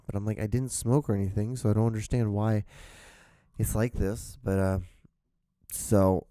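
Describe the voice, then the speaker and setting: A young man rambles through a solo episode of his own show. He talks in a low, dark voice, full of fillers and restarts, and swears a lot. He sounds tired, as if his voice is wearing out, and the room is dry and close. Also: fairly even intonation, fairly quick, no room sound. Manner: rambling, profane, self-deprecating, lots of fillers and restarts. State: tired, voice going out. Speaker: host.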